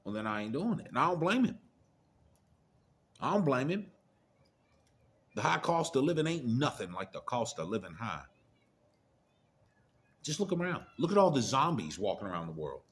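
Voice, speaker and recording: Middle-aged man, profane, preachy, blunt warnings, casual rant, mid-range pitch. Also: sing-song, moderate pace, long pauses. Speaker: commentator.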